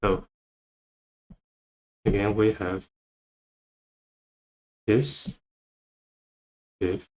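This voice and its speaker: A man teaching English vocabulary, repeating each word and phrase slowly as he explains. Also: on the low side, flat delivery, darkish tone, low-quality recording. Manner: repeats words many times, thinking aloud. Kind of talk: slow, repetitive vocabulary lesson.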